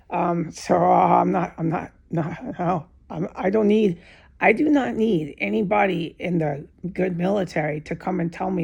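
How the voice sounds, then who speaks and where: A woman's voice: fairly low pitch, vocal fry, a little mellow, husky. A woman alone in a room, talking in an agitated, profane, repetitive monologue with many restarts. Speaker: vlogger giving testimony. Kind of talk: unscripted emotional monologue to camera.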